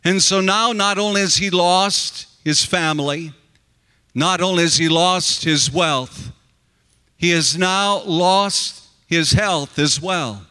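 A man's voice: high voice, slow, pushed and bright, clear, resonant tone, big-room sound. A man preaching a sermon in an earnest, emphatic way, addressing the congregation directly.

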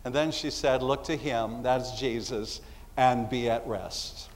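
Taking his time, a male pastor with a medium-pitched voice gives a sermon in an echoing hall where a faint crowd can be heard. The style is conversational preaching broken up by acted asides.

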